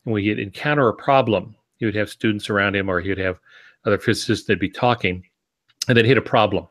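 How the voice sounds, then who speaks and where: A man's voice: fairly low pitch, quick pace, fairly bright tone. A man co-hosting a podcast about writing, talking casually and thoughtfully and explaining his points with frequent ums and restarts. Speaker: podcast co-host.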